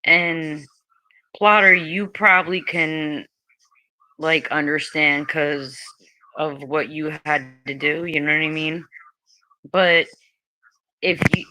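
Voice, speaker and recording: A woman's voice: low-pitched, steady tone, takes it slowly, long pauses, pushed and bright, no echo. A woman hosting a casual livestream, chatting bluntly and profanely with her viewers. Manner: blunt and profane, talking straight to the chat. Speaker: livestream host.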